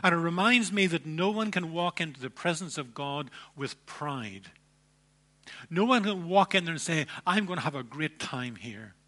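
A man preaching a sermon, emphatic, with dramatic pauses and repeated phrases. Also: fairly high pitch, expressive, sharp tone. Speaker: pastor.

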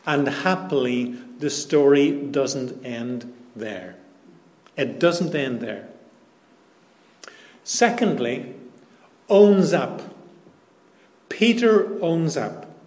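A man preaching a sermon, deliberate and emphatic, repeating key phrases for weight. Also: a little high, animated. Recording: echoey room.

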